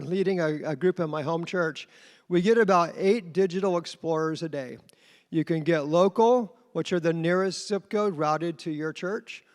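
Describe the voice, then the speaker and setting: A man giving an earnest conference talk about leading a church group, telling his story plainly. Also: on the high side. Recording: reverberant hall.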